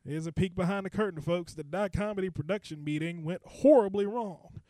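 A man's voice: sits high, a little fast, mellow, no echo. A young adult man hosting a casual comedy podcast from a basement studio, loose and joking, often laughing. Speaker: podcast host and DJ.

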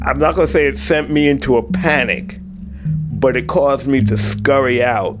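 An older man from California tells his own story in a halting, reflective way, pausing and trailing off between thoughts. His voice sits at an ordinary middle pitch. Faint score music plays softly behind him. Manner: halting, reflective, with pauses and fillers. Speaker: eyewitness storyteller. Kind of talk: personal story told in interview.

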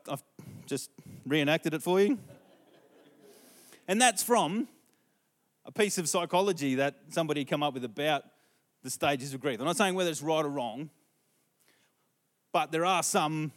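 A man's voice: a little high, moderate pace, pauses often. A middle-aged man preaching a storytelling sermon, conversational and asking the congregation questions.

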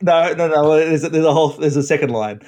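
A man's voice: a little high, fast, darkish tone. A male priest in casual podcast conversation, hesitant, with many fillers and restarts. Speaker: Catholic priest, podcast guest.

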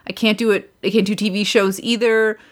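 Young woman, loud voice, casual podcast chat, rambling, swears a lot, mid pitch. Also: little pitch movement, a little fast. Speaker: podcast co-host.

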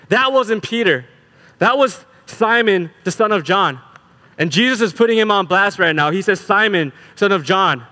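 Animated male preacher in a reverberant hall. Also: high-pitched. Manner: animated, repeats words when building emphasis. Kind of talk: sermon.

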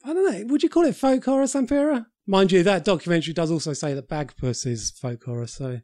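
A man's voice: high voice, lively intonation, fast talker, mellow, dry recording. A man hosting a podcast, chatting casually about films with dry, sweary banter. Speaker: podcast host. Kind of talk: casual film discussion.

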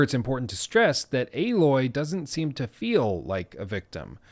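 A man giving scripted commentary with casual, self-deprecating asides, in an analytical, conversational way. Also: on the low side. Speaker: video essayist.

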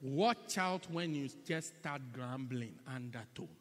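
Male pastor, bright and lively delivery, dramatic swings to whispers, echoey church hall. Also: medium pitch, slow pace. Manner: repeats and drags out words for effect. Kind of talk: sermon.

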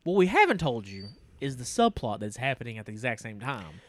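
A man's voice: medium pitch, brisk, no room sound. A man, casually recapping a movie as podcast co-host, laughing often. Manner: laughs often, animated storytelling.

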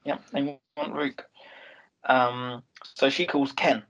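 A man's voice: medium pitch, little pitch movement, takes it slowly, fairly bright tone, rough recording. A man co-hosting a casual podcast, retelling a TV episode scene by scene and quoting the characters' lines. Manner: storytelling recap with many "um"s and quoted lines. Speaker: podcast co-host recapping a TV episode. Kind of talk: casual chat.

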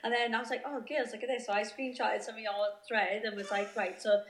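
A woman's voice: on the high side, steady tone, a little fast. Welsh footballer lady on a call, lots of ums and restarts, roomy echo. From Wales. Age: 30s. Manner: hesitant, many restarts and fillers. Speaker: guest footballer. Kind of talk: remote interview chat.

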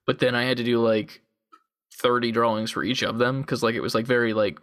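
A young man with a middle-pitched voice chats casually on his podcast, loose and profane, leaning on "like" between thoughts. He speaks close into a desktop USB condenser mic. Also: flat delivery, a little fast, a bit bright, clean tone. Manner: laid-back, profane, full of "like" fillers. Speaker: podcast co-host. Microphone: desktop USB condenser mic on a call.

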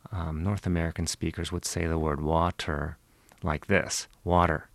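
Deep-voiced professor explaining, dry studio sound. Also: male voice, steady tone, dry recording. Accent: Western Pennsylvania. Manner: measured, lecturing, demonstrates speech sounds. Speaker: linguistics professor, interview guest. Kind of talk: explanatory interview answers. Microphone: studio microphone, close.

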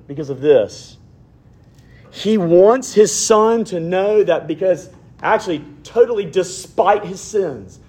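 A man preaching a sermon, rising to loud emphatic points and dropping to hushed, intimate near-whispers. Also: high-pitched, slightly rough.

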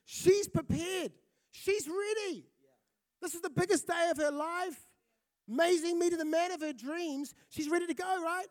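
A pastor who grew up in Fiji, giving a lively, conversational sermon and often checking in with listeners. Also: male voice, extremely high pitch, measured pace. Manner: lively, conversational, often asks the crowd "right?".

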